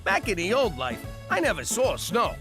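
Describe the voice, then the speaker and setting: A man's voice: sits high, big pitch swings, over music. A man voicing a brash, sarcastic ex-mobster in an adult cartoon. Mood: wry narration. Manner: brash, sarcastic, fast comebacks. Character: wisecracking ex-mobster man in exile. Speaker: lead character and narrator.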